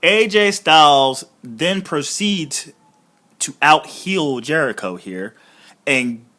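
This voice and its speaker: Speaking slowly with lively intonation, this podcast host has a mid-range voice and a sharp tone. He chats casually about wrestling reviews in a rambling, profane way, full of fillers.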